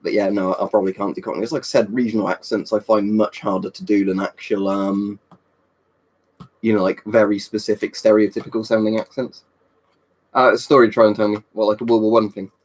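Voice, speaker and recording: A man's voice: on the low side, flat delivery, a little fast, husky. A man chatting casually on a live stream in a rambling, talkative way, answering viewers' questions and swearing now and then. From Britain.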